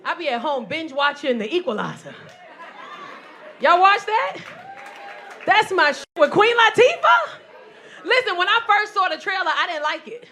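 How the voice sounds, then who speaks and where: A woman in her forties works a club crowd with brash, profane stories, loud and playful. Her voice sits high. A faint audience murmurs behind her on the live recording. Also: slight background noise. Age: 40s. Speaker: stand-up comedian. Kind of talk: stand-up comedy set. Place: comedy club stage. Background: audience laughter.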